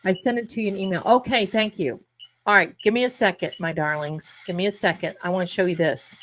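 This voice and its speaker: A woman's voice: mid-range voice, fairly quick, a bit bright, a little hiss or hum. A middle-aged woman hosting a live tarot stream, chatting casually and rambling to her viewers, calling them her darlings.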